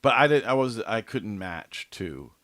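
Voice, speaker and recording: A man's voice: lowish voice, lively intonation, a little slow, fairly bright tone, no room sound. A young man telling a long, rambling story in casual podcast chat, swearing freely and filling gaps with "like" and "dude". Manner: rambling, profane storytelling with loose fillers. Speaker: podcast co-host.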